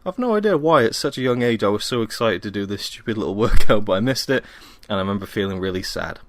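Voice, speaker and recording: A man's voice: fairly low pitch, animated, fast talker. A young man from Wales, hosting a casual solo podcast at home, rambling and self-deprecating with many ums, tired after a workout. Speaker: podcast host.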